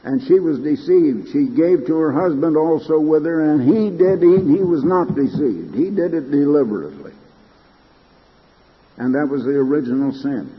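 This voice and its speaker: A man's voice: fairly high pitch, expressive, normal speed, in a large hall, muffled recording. An older man preaching an emphatic broadcast sermon, his delivery rising to fervent peaks.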